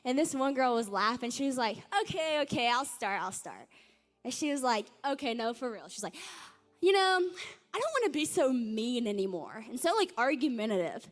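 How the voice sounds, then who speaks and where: A woman's voice: high voice, expressive, fairly quick. A young woman giving a casual, story-driven talk to a youth audience, peppered with "like" and "y'all". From Nashville, Tennessee. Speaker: youth speaker. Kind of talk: sermon-style talk.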